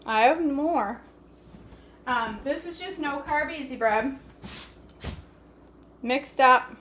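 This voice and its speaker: A woman's voice: sits high, takes it slowly, a bit bright, slight background noise. A woman hosting a casual cooking vlog from her home kitchen, chatty, folksy and joking. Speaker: vlog host.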